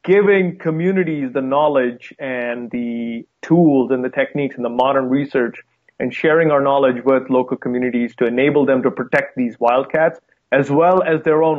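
A young Indian-accented man speaks as an interview guest, friendly and eager, with filler words along the way. His voice comes through a thin, phone-like video call line, pitched in an ordinary middle range. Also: normal speed. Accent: Indian, softened by time in the U.S. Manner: friendly, enthusiastic, with fillers and light laughs. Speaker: wildlife conservationist guest. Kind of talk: casual interview talk. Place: home room with a guitar behind him.

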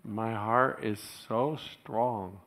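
A man preaches to his congregation in a relaxed, conversational way, telling stories and laughing along the way. His voice sits a little low, and it grows lively and excited when he acts out what someone else said. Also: very slow. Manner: storytelling, chuckles often, animated when quoting others. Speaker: pastor. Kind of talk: sermon. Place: church.

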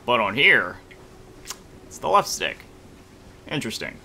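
Lively, bright-voiced man commenting on gameplay. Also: mid-range voice, a little slow, creaky, slight background noise. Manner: rambling, jokey, sing-song asides. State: tired, early morning. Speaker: gaming YouTuber.

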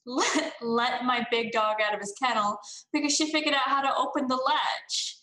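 A woman chatting casually with her group, soft-spoken and deadpan, too far from her microphone. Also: high voice, moderate pace. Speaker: player. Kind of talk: casual chat. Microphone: mic held too far away. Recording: roomy, distant mic.

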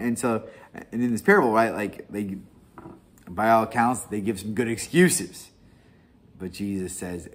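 Laid-back man leading Bible study, low-pitched. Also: slight background noise. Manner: rambling, laughs often, many restarts and "right?". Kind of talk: casual Bible study talk.

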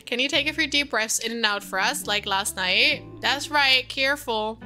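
A woman playing a bossy woman doctor in a game, taking her staff on hospital rounds with clipped orders in a bright, sharp, fairly high voice. Faint game music plays underneath. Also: normal speed. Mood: brisk. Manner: clipped and commanding.

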